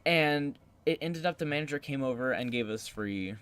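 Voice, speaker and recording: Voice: medium pitch, expressive, normal speed, fairly bright tone, smooth. A young adult who works at a movie theater, telling customer stories in an exasperated, casual way. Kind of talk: casual chat.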